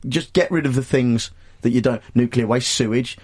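A man's voice: medium pitch, moderate pace, darkish tone. A man hosting a radio talk show, joking and rambling in casual studio banter. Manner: jokey, rambling, mock-insulting. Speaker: radio host.

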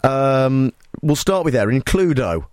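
A man hosting a comedy phone-in, rambling and halting in a mock-earnest way. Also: medium pitch, sing-song, a little mellow, no room sound, clean studio sound. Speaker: radio host.

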